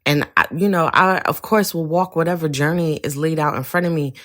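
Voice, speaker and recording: A woman's voice: low-pitched, brisk, a bit bright. A woman host candidly recounting a personal story, slipping into quoted voices and laughing now and then. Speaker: podcast host.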